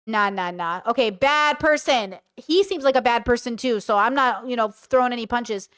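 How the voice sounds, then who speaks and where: Woman, reaction commentary, reads messages aloud, blunt, slangy, smooth voice. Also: a little high, a bit bright, no echo, studio quality. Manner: blunt, slangy, quick judgments.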